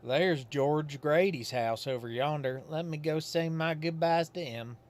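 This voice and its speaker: Folksy rural game character, read aloud by a man; homespun country dialect, storyteller's drawl, raised pitch. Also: measured pace, darkish tone, close to an everyday voice. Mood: folksy, chatty. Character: simple folksy rural man, old Godfrey.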